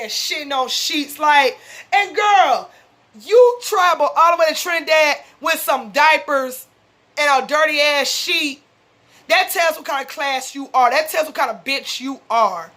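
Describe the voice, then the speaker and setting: A high-voiced woman. She recaps a reality show in a fired-up, profane, casual rant. Her tone is bright and sharp. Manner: fired-up, blunt, heavy profanity. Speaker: reality show reaction vlogger.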